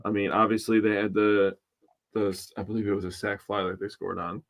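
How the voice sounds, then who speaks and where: A man co-hosting a casual sports podcast, talking in a relaxed, chatty way and listing pitching numbers. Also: a little fast. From Wisconsin. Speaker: podcast co-host.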